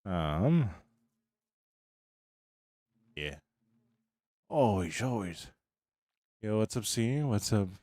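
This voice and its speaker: A man with a very low voice talks easily to his live chat, greeting viewers one by one. He sounds tired but friendly and unhurried. The sound is dry and close, with no room echo. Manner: relaxed, chatty, greets chat by name. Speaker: streamer. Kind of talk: casual live-stream chat.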